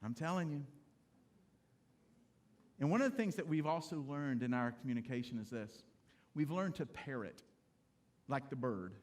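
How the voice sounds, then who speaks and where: A middle-aged pastor delivers a conversational, humorous sermon in a church sanctuary, speaking directly to the congregation. His medium-pitched voice has lively intonation, moving at a moderate pace with long pauses.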